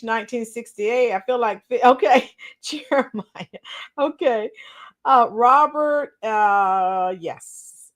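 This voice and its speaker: A woman hosting a casual political livestream, greeting viewers by name with frequent fillers and throat clearing. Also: a little high, fairly bright tone. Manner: clears her throat often. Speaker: political commentary channel host.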